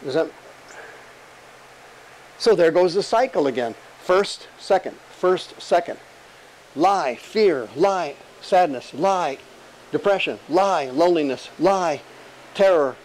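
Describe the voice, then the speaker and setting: A male pastor preaching an animated, emphatic sermon full of rhetorical questions and jokes. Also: a little high, slow pace, long pauses, rough recording.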